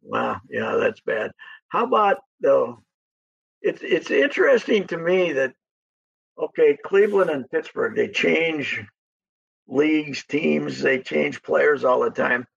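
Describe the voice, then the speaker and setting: A man's voice: a little high, lively intonation, slow pace, vocal fry, slightly rough, no room sound. A man chatting casually about sports as a guest, rambling and chuckling through stories. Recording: muffled lo-fi line.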